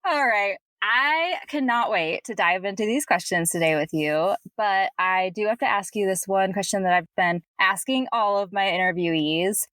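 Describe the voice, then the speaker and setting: A woman's voice: medium pitch, moderate pace, hardly any pauses, fairly bright tone, no echo. A young adult woman hosting a podcast interview, chatty and upbeat in tone. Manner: chatty, upbeat, laughs often. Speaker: podcast host.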